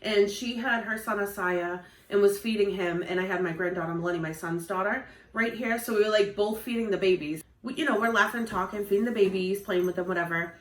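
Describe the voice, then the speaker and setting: A middle-aged woman telling an eerie story in casual chat, laying out each detail in a steady, measured way. Her pitch sits in the middle range, and her voice carries an echo from the room. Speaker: channel co-host. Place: home, at a kitchen table.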